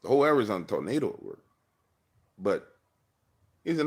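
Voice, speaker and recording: A man hosting a livestream from his car, telling a personal story in a slangy, animated way and acting out the dialogue. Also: lowish voice, fairly quick, husky. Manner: slangy, acts out dialogue, laughs often. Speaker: livestream host.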